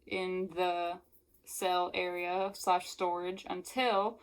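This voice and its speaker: A woman's voice: lowish voice, level tone, slow pace, clean tone, rough recording. Chatty woman recapping a book. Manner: chatty, filler-heavy, talks to the viewer. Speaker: book reviewer. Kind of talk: casual book recap with read-aloud passages.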